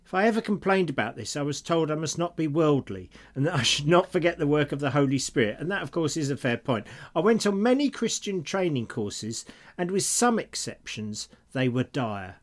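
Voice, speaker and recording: A middle-aged man from Britain co-hosting a relaxed podcast chat. His voice sits a little high and moves a lot, and he laughs easily and reads out letters from listeners. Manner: chatty, laughs often, reads listener emails aloud. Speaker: podcast co-host. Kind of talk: casual chat.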